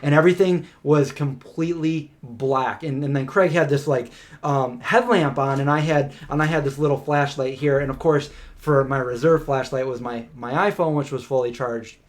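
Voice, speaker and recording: A man co-hosting a live question-and-answer stream, telling a story in a casual, animated way with lots of filler words. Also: mid-range voice, moderate pace. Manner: animated, chatty, many "like" fillers.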